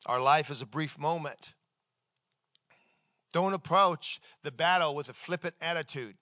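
Bright-voiced male pastor telling a story. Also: on the high side, a little slow. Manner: conversational, animated retelling with frequent restarts. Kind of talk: sermon storytelling.

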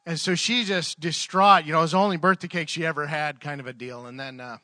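A man's voice: a little high, steady tone, quick pace, pushed and bright, dry recording. A man preaching a sermon, telling a story conversationally with fillers, then leading a prayer. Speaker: pastor. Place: church service.

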